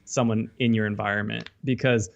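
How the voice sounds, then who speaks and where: A man co-hosting a podcast in casual chat, animated and quick with quips. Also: on the low side, gravelly, lo-fi sound. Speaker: podcast co-host.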